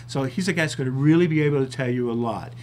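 A man's voice: mid-range voice, quick pace, a little mellow, slight background noise. Chatty talk show host man. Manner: chatty, self-deprecating, rambling. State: out of breath. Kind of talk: casual talk show hosting.

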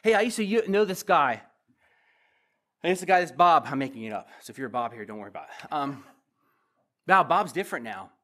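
Guy preaching in church, kinda high voice, talks to the crowd like a chat, keeps asking them stuff. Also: animated, brisk, pauses often, sharp tone. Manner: conversational, asks the congregation direct questions. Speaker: pastor. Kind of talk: verse-by-verse Bible teaching.

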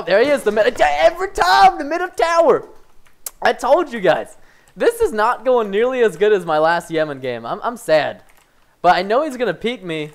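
A young man giving excitable live commentary over his own gameplay, swinging between frustration and excited yelps. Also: high voice. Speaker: gaming commentator.

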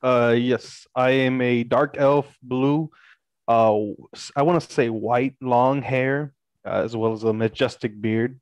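A man introducing his tabletop character haltingly. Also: medium pitch, steady tone, clear, resonant tone, no room sound. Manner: halting, with short laughs. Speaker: player.

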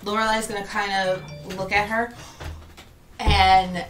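A woman's voice: medium pitch, flat delivery, a little slow, fairly bright tone, soft background music, poor audio. A woman playing a tabletop game, joking playfully with the group. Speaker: player. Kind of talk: casual tabletop play. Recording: chatter around the table.

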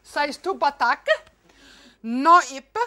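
A woman's voice: sits high, slow, sharp tone, exaggerated voice. A woman on stage playing a chic, boastful French woman with a French accent. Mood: smug. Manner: boastful, airy, mocking.

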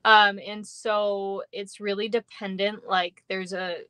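A woman chats her way through a live craft stream, rambling between fillers and quick laughs. Her voice is bright and lively in tone, sitting at an ordinary pitch for a woman. The sound is close and dry, with no room echo. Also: smooth. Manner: chatty and rambling, with many fillers and frequent laughs. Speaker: stamping demonstrator hosting a live craft class. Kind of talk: casual livestream chat.

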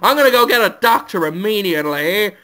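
A man's voice: sits high, lively intonation, brisk, sharp tone. A man voicing a smug young male lawyer in a mock-whiny comedic tone.

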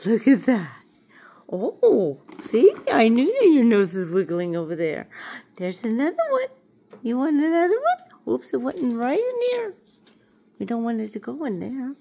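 A woman's voice: fairly high pitch, big pitch swings, a little slow, gravelly, mellow, husky. Cooing woman in sing-song pet baby talk. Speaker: pet owner filming her rabbit.

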